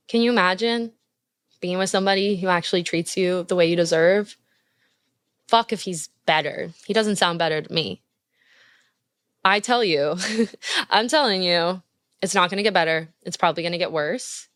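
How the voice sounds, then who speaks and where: A woman's voice: fairly low pitch, fairly even intonation, normal speed, fairly bright tone, clean tone, dry recording. Blunt, gushing young woman podcast host. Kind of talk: casual advice chat.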